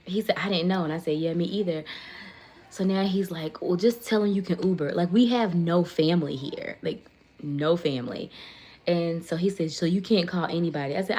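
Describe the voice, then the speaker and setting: A woman tells a long story on a casual livestream, talking into her phone. Her voice sits on the low side and she keeps the retelling animated and chatty. She stops now and then to thank viewers by name. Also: fairly quick, husky. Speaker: livestream host.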